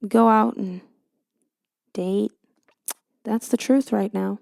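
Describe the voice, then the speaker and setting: Chatty young woman with a gravelly edge. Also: mid-range voice, steady tone, slow pace, a little mellow, dry recording, clean studio sound. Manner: chatty, self-mocking, slips into a joking Southern drawl when praying. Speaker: podcast host. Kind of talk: casual solo podcast monologue.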